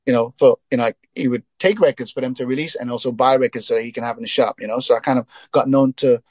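Male singer from Trinidad, mid-pitched, casual rambling storyteller, dry close recording. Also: fast talker, darkish tone, no echo. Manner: rambling, frequent "you know" fillers, laughs while telling stories. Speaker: interview guest, reggae singer.

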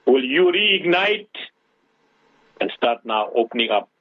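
Husky man preaching over a tinny phone line. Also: mid-range voice, big pitch swings, unhurried, dry recording. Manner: preaching, rhetorical questions. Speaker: radio host. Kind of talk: radio Islamic advice talk.

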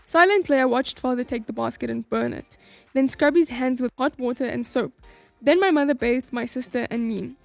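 A woman reading a book aloud in a calm, measured way, then giving her review of it. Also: sits high, gravelly, no echo.

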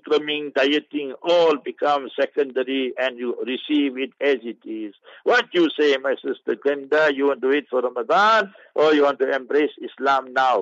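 A South African man with a slightly high voice answers listeners' questions on radio. He talks in a lively, preachy way full of wordplay. The sound is dry and dull, like lo-fi radio. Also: no room sound. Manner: animated, preachy, playful with wordplay.

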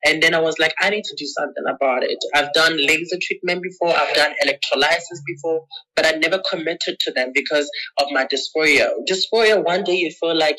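A woman's voice: fast talker, poor audio. A woman being interviewed, candidly telling a personal story with emotion and acting out past conversations in her own voice. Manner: emotional, acts out past conversations with lively pitch jumps; checks in with the listener often. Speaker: interview guest.

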